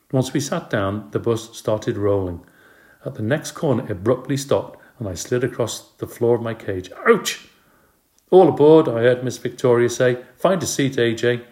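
Man, low voice, storybook narration, steady, expressive. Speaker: audiobook narrator.

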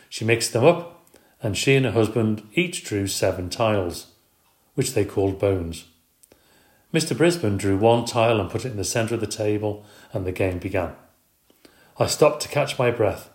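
A man reading a children's book aloud in a steady, expressive way. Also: on the low side. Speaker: storyteller. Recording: roomy echo.

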